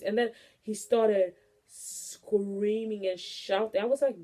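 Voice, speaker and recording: A young woman near twenty, pitched a bit high, talks straight to her audience in a casual venting monologue. She rants bluntly and swears freely, keeping her delivery loose and animated throughout. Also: moderate pace. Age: late teens. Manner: blunt, profane, animated ranting. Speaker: vlogger.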